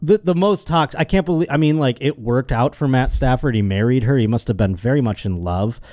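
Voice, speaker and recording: Male comedy podcast host, mellow tone, dry close mic, rambling and crude. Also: mid-range voice, brisk, no room sound, soft background music. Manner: crude, rambling, mocking put-on quotes. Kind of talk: casual comedic podcast banter.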